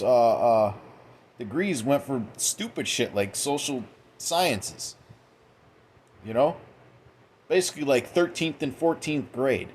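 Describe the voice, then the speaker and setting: A man's voice: fairly high pitch, a little hiss or hum. A man giving a profane, mocking late-night commentary monologue, quoting scripture in a preachy way. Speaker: commentary host.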